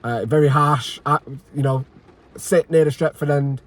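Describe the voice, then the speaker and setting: A football fan channel host gives an angry post-match reaction, frustrated, sweary and agitated, repeating himself and sighing. His voice is fairly high and steady, at a moderate pace.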